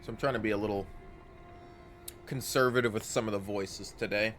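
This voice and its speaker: A man's voice: lowish voice, fairly even intonation, brisk, fairly bright tone, soft background music. A man streaming a game live, chatting casually and reading the game's narration aloud with the odd stumble.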